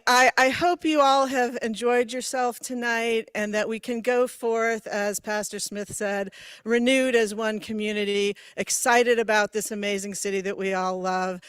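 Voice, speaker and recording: A woman's voice: mid-range voice, fairly bright tone, clean tone, dry recording. A woman hosting a civic event, speaking effusively to an audience in a performing arts center. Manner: upbeat, effusive. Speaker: event host. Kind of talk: public address to an audience.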